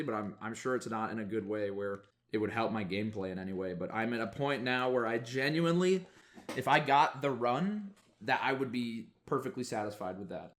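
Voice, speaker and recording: A man's voice: medium pitch, fairly bright tone. A man interviewed in a documentary, speaking in a thoughtful, candid way about his goals. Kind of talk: reflective interview.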